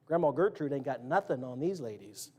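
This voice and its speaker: A man's voice: mid-range voice, expressive, fairly quick, dark tone, slightly rough. A man preaching a sermon in a church, casual and joking, quizzing the congregation and acting out quotes. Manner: acts out quotes and sound effects. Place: church sanctuary.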